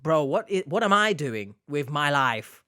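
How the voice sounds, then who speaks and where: A man's voice: a little high, big pitch swings, unhurried, bright, forceful tone, clear, resonant tone, no echo, clean studio sound. A man hosting a reaction video, mocking what he watches with sarcastic jokes. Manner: mocking, sarcastic, jumps into silly voices. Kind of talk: comedic reaction commentary.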